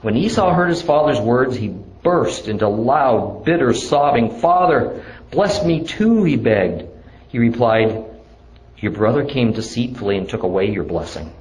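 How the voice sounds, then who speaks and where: A man teaching a Bible lesson, reading the scripture verse by verse in a measured, deliberate way before explaining it. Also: lowish voice, expressive, darkish tone, low-quality recording.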